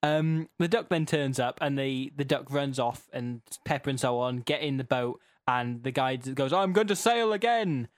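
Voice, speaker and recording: A man's voice: medium pitch, flat delivery, moderate pace, few pauses, dry recording, studio quality. Sarcastic man, laughing recap. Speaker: podcast co-host. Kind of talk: comedic recap chat.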